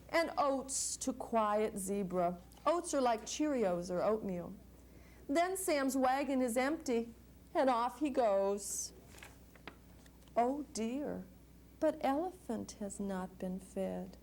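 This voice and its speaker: Animated woman reading to small children. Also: fairly high pitch, slight background noise. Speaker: children's librarian. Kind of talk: children's story hour. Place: library story hour room.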